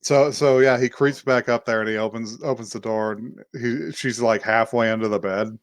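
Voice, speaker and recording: A man casually recounting an episode for his podcast co-host, breaking into quick little impressions of the characters and swearing freely. His voice sits at a middling pitch, and the sound is dry and close with no room around it. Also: no room sound. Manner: animated retelling, acting out characters' lines with laughs and swearing. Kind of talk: casual chat, recapping an anime episode.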